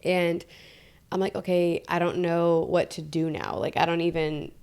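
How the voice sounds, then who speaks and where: A woman's voice: on the low side, moderate pace, gravelly, smooth. Chatty American woman host telling stories. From Detroit, USA. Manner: animated, quotes her own inner dialogue. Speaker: podcast host. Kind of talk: casual conversational storytelling.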